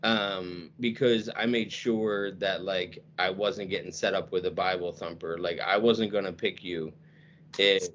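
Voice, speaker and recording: Joking man with a low voice. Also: fairly even intonation, measured pace, fairly bright tone, highs cut off, slight background noise. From United States. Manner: joking, teasing. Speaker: podcast host. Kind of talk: casual chat.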